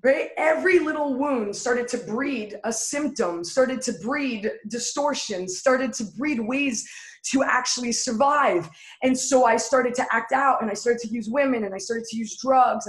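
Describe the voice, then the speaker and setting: Earnest woman telling her story, echoey room. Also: a little high. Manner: earnest, builds repeated phrases. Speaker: interview guest. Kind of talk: candid personal storytelling.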